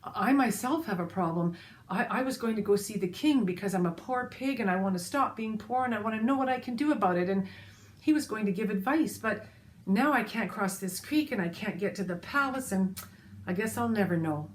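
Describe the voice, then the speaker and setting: A woman's voice: mid-range voice, animated, brisk, lightly acted. A woman voicing a foolish, poor little male pig who talks in an eager, flustered way.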